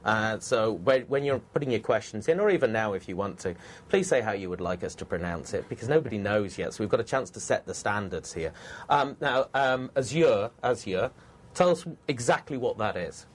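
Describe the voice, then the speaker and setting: A man hosting a panel discussion, putting brisk, informal questions to his guests. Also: on the low side, animated. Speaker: host.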